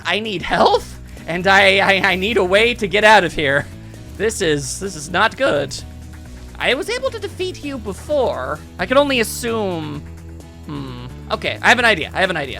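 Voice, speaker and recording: A man's voice: high voice, big pitch swings, unhurried, gravelly, bright, forceful tone, soft background music. A man giving casual, jokey, rambling commentary while playing a video game. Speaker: let's play host.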